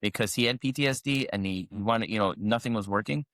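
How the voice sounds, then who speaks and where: Low-voiced man telling a rambling story. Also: brisk, fairly bright tone, no room sound, studio quality. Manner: rambling storyteller, many fillers and restarts. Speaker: podcast co-host. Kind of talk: casual chat.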